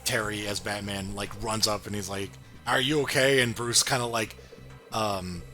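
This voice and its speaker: A man's voice: on the low side, level tone, normal speed, bright, forceful tone, soft background music. A man co-hosting a casual chat, easygoing and hesitant, laughing often between remarks. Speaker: podcast co-host.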